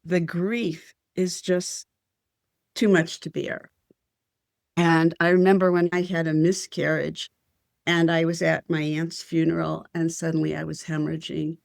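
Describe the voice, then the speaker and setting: A woman's voice: deep voice, little pitch movement, a little slow, creaky, no echo, clean studio sound. An older woman telling a personal spiritual story as an interview guest, earnest and heartfelt.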